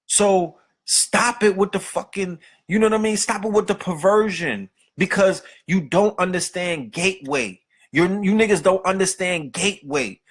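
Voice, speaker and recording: A man's voice: high-pitched, a little slow, breathy edge. A man hosting a podcast, delivering a profane, streetwise rant full of rhetorical questions. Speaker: podcast host. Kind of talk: unscripted monologue.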